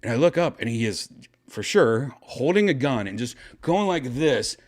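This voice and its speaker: A man hosting a podcast, casually telling a story with excitement and swearing, acting out his own shouts. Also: mid-range voice, normal speed. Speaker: podcast host.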